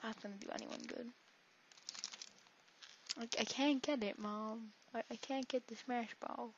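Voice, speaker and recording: A woman's voice: fairly high pitch, fairly even intonation, measured pace, background noise. A woman giving casual, rambling let's-play commentary, joking and talking to herself as she plays. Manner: rambling, jokey, talks to herself. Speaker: gameplay commentator. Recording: dull lo-fi recording.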